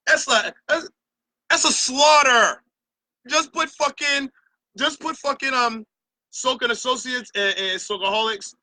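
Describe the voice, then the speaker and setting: A man's voice: very high-pitched, measured pace, sharp tone, no echo. A middle-aged Barbadian man hosting his own opinion show, ranting passionately and profanely about a carnival. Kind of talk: opinion rant to camera.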